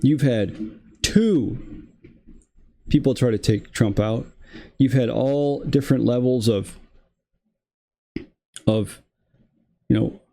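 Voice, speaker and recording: A man's voice: mid-range voice, warm tone. A young man hosting a political commentary show, delivering a casual, exasperated rant full of fillers and restarts.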